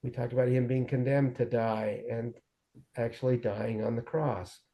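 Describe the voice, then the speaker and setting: A man in his forties with a mellow, warm tone, telling his life story in an earnest, lively way. He slips into quoted dialogue as he recounts events for an interviewer. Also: medium pitch, moderate pace, vocal fry. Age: 40s. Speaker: guest sharing his recovery story. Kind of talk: conversational storytelling.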